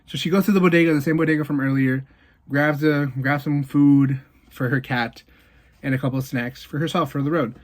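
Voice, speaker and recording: A man with a somewhat high voice talks through a movie plot in a casual, animated recap. He keeps leaning on fillers and dropping quick asides as he goes. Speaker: movie reviewer. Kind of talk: casual spoken movie review.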